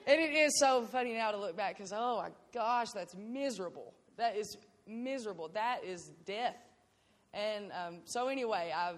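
A young woman giving an earnest, emotional faith testimony. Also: fairly low pitch. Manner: earnest and emotional, breaks into laughter. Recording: long hall reverb.

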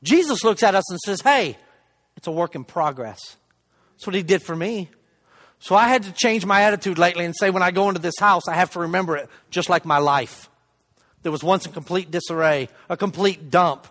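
A middle-aged man giving a sermon testimony from a church stage, conversational and self-deprecating, swinging between loud emphasis and hushed asides. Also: high-pitched, brisk. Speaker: lay preacher giving a testimony. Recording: long reverb of a church hall.

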